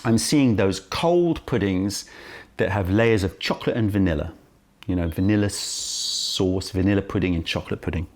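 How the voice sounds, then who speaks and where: A man presenting a casual tea-tasting vlog, highly caffeinated, chatty and full of self-interrupting asides, filmed on a camera right in front of his face. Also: moderate pace, a little mellow. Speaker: tea shop owner and presenter.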